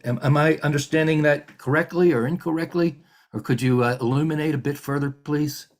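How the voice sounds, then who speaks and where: A man serving as hearing examiner, running a formal remote hearing in a measured, halting way with frequent fillers. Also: fairly high pitch, fairly even intonation.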